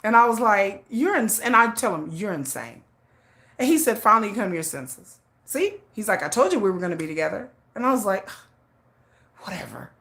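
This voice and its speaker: A middle-aged woman hosting a livestream, telling a story in blunt, laughing, animated casual chat. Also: medium pitch, fairly quick. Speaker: livestream host.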